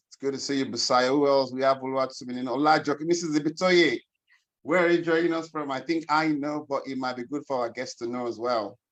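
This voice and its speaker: A man hosts an online webinar as a financial coach. He talks in an upbeat, chatty way and greets people by name, his voice sitting at an ordinary middle pitch. The sound comes through a video call. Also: fairly bright tone. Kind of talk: casual online webinar hosting.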